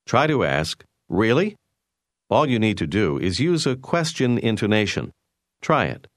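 A man narrating a language course in a clear, measured way, prompting the learner with phrases to say. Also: lowish voice, sing-song, a bit bright, dry recording, clean studio sound. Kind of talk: scripted instructional narration.

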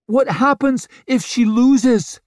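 A man's voice: very high-pitched, slow, a little mellow, no echo, studio quality, voice pushed up. A man voicing a frightened mother who screeches in panic during an attack on her town, in an audiobook reading.

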